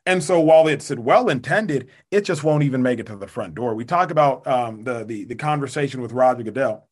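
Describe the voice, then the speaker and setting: A young man guest on a podcast, making his case in a measured, earnest way with precise wording. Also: mid-range voice, lively intonation, husky. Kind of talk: casual debate.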